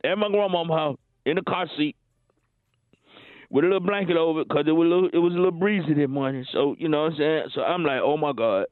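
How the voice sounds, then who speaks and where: A man acts out a male caller who rambles and stammers through a tall tale to skip work. The voice sits high and comes over a tinny phone line. The sound is dry and close. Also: fast, no room sound, natural voice. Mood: rambling. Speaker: comedy caller.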